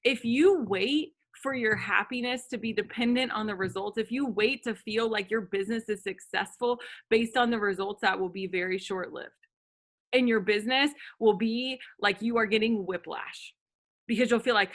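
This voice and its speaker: A woman's voice: fairly high pitch, moderate pace, fairly bright tone. A woman coaching her sales team on a video call, earnest and talking at length. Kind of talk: motivational group video call talk.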